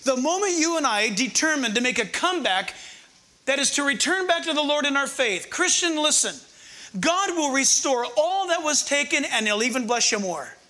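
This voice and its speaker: An older male pastor preaching a conversational, humorous sermon, slowing down to read verses with emphasis. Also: very high-pitched, expressive, pushed and bright.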